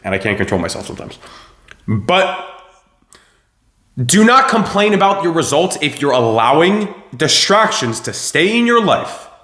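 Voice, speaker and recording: A young man giving a blunt, profane motivational rant, preachy and forceful. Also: a little high, very animated, normal speed, echoey room. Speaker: self-improvement video host.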